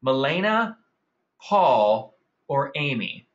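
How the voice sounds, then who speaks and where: A man hosts an upbeat marketing webinar, speaking enthusiastically and calling out attendees by name. His mid-range voice is sing-song and very slow, and the audio sounds dull.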